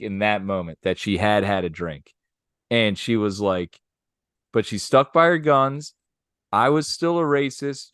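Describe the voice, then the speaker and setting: A man casually telling a story on a podcast, animated and acting out the voices of the people in it. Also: mid-range voice, clean tone, no room sound, clean studio sound.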